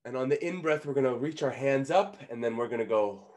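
A man in his thirties from Canada, coaching public speaking in an online workshop in an energetic, coaxing way, leading the listeners through exercises. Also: mid-range voice, brisk, hardly any pauses. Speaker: pitch coach.

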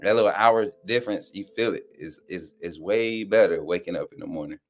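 A man's voice: sits low, fairly quick, soft background music. A man hosting a sports fan live stream in loose, slangy casual chat, often cracking up with laughter.

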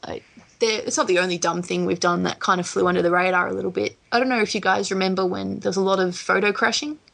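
Aussie woman telling stories on a podcast, creaky low rasp, chatty and giggly. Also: fairly even intonation, fast talker, a bit bright. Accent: Australian. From Australia. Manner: laughs easily, chatty storyteller. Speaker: guest, wrestler. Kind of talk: casual podcast chat.

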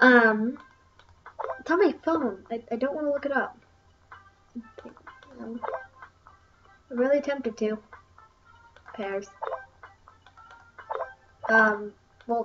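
Young female gaming host, high and chatty, distant muffled mic, faint game music underneath. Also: a little slow, pauses often. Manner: chatty, wandering, many ums. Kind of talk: casual gameplay commentary.

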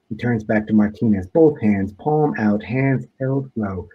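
A man, an author, reading aloud from his own book in a measured, deliberate way. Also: lowish voice, mellow, breathy edge, dull audio.

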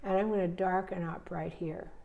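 A woman teaching painting, relaxed and thinking aloud step by step as she paints. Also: on the low side, moderate pace, vocal fry, phone-quality sound. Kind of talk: narrating a live painting demonstration.

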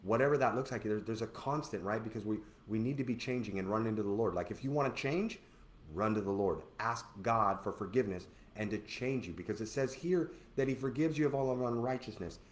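A man teaching from the Bible in an earnest, animated preaching style. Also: fairly low pitch, brisk. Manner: earnest, animated preacher who acts out voices. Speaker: co-host of a church teaching show. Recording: echoey room with faint noise.

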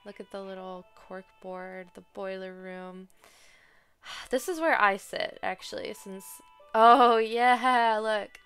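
A woman's voice: medium pitch, slow pace. Chatty woman playing a farming game. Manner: chatty, excitable, dramatic groans. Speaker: gaming streamer. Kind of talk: casual gameplay commentary. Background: soft game music.

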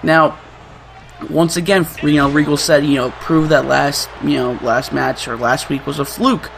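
With faint music in the background, a young gaming channel host laughs a lot while giving excitable, trash-talking commentary on his play. His slightly high voice has vocal fry and a moderate pace.

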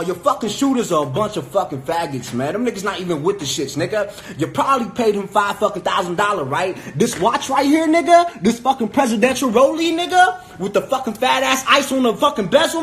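A man's voice: high-pitched, a bit bright. A man on a phone livestream angrily taunting his rivals in profane, repetitive street talk. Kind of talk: angry livestream rant.

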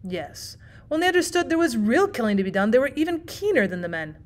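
A cool young prankster, as a woman reader puts him on, delivers outrageous news in a careless, matter-of-fact way. The tone stays calm and lightly menacing, in a fairly high voice. It sounds like a storybook reading. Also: a little fast.

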